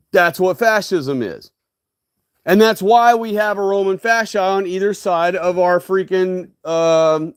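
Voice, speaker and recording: A high-pitched man speaking into a dry, close-sounding mic. He hosts a solo stream and lectures in a ranting, emphatic way. He keeps checking in with his listeners with "okay?" and "right?". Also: clean tone, dry recording. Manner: frequent tag questions, "okay?" and "right?". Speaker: livestream host. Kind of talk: solo livestream monologue.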